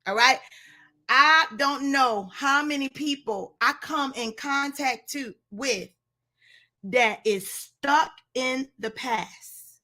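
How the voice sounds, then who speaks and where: A woman's voice: high-pitched, takes it slowly, sharp tone. A woman giving a blunt, preachy motivational talk on a live stream, speaking straight to her listeners as sis and y'all.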